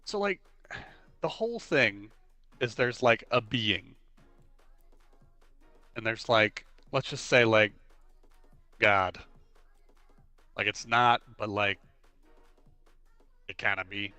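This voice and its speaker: A young man in his twenties, a livestream host, chats casually while streaming, rambling through stories and using "like" constantly. He is an animated storyteller who acts out quotes. His lowish voice moves slowly with long pauses, with no room sound and soft music in the background.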